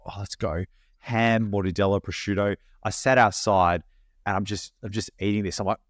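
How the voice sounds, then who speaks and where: A man co-hosting a podcast, telling an animated story in casual, slangy chat. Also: fairly low pitch, a little fast, no room sound, clean studio sound. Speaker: podcast co-host.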